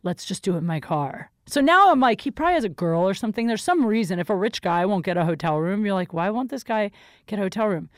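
A woman's voice: mid-range voice, expressive, fast, dry recording, studio quality. A woman hosting a podcast, telling a story in casual chat, blunt and profane. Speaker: podcast host.

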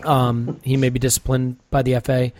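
A man's voice: medium pitch, monotone, moderate pace, a little mellow, no echo. A man hosting a casual football podcast, chatty and joking as he moderates the discussion. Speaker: podcast host. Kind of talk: casual chat.

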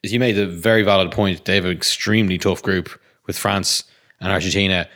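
Male co-host, lowish voice, halting and chatty. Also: steady tone, fairly bright tone. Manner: hesitant, full of "like" and restarts. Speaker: podcast co-host. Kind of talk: casual sports chat.

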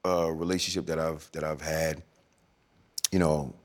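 A man in his forties speaking as a podcast guest, with a soft, smooth and melodic way of talking. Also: extremely low pitch, flat delivery, a little slow. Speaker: guest, former NFL running back turned actor. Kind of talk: podcast interview.

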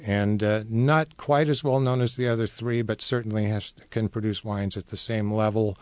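A man guest on a radio show explaining wines in a knowledgeable, measured way with many fillers. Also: lowish voice, steady tone, clear, resonant tone, no echo. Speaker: wine importer guest. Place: radio studio.

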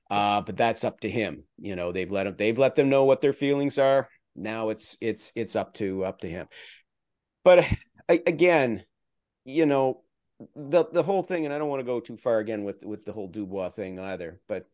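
A man's voice: fairly low pitch, darkish tone, no room sound, clean studio sound. Rambling man on a hockey podcast. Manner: rambling, many restarts, jokey asides. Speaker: guest hockey analyst. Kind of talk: casual podcast chat.

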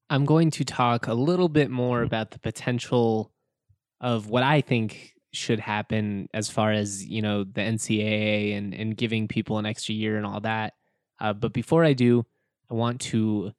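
A man's voice: medium pitch, clear, resonant tone, no room sound, studio quality. A young man hosting a casual solo sports podcast, chatty and self-joking, laughing often.

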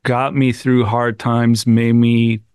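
Smooth-voiced man hosting a podcast. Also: mid-range voice, little pitch movement, slow pace, a little mellow, no room sound, studio quality. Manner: enthusiastic, stumbling over words. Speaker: podcast host. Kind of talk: casual interview chat.

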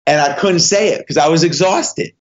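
A man's voice: fairly high pitch, moderate pace. A man being interviewed, telling a story with energy and acting out the other voices in it. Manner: animated, acts out dialogue in voices. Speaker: guest. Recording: slightly dull lo-fi audio.

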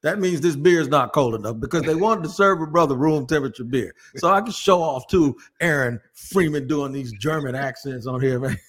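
Animated man hosting a sports podcast. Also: a little high, a little fast, few pauses. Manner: animated, jokey, rambling. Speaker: podcast host. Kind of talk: casual sports podcast talk.

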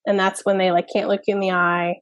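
A woman speaking as a parenting expert guest in a candid interview, animated and blunt, swearing casually. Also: medium pitch, fast talker, dry recording.

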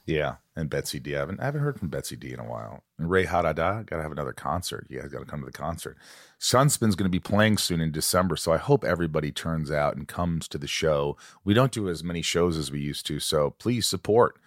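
Deep-voiced man hosting a podcast. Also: expressive, dry recording, studio quality. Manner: playful, joking, reads names quickly. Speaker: podcast host. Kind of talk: casual chat.

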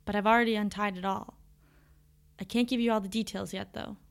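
A woman voicing a secretive, scheming young man in an audiobook, speaking in a hushed, evasive way. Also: mid-range voice, fairly even intonation, fairly quick, vocal fry, lightly acted. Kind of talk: audiobook character voice.

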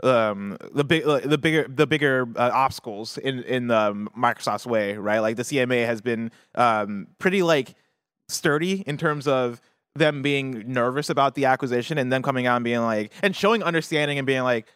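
Male co-host, mid-pitched, talkative and searching, dry close mic. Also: normal speed, a bit bright, smooth, dry recording. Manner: rambling, restarts, many fillers and tag questions. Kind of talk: casual gaming news chat.

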